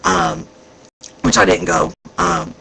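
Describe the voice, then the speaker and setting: A man vlogging casually about a convention, rambling and excitable, with plenty of fillers. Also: high-pitched, slow pace, vocal fry, low-quality recording. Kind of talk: casual chat recounting events.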